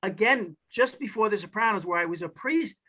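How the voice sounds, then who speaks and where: Bright-voiced storytelling male guest. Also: high-pitched, animated, fairly quick. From New York/New Jersey area. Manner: storytelling, repeats words when starting sentences. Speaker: actor and playwright guest. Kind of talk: casual interview chat.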